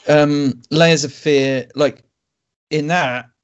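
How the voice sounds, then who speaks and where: A man hosting a games podcast, talking in an easygoing way and thinking out loud. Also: fairly high pitch, steady tone, drawn-out words, clear, resonant tone, highs cut off. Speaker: podcast host. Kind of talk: casual chat.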